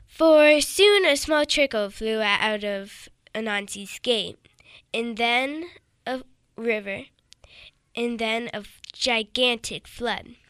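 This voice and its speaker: A young woman tells a folktale in a high, bright, clear voice. She reads with animated energy and gives each character a voice of their own. The studio sound is dry and close. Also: dry recording. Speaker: student storyteller. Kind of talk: reading a folktale aloud.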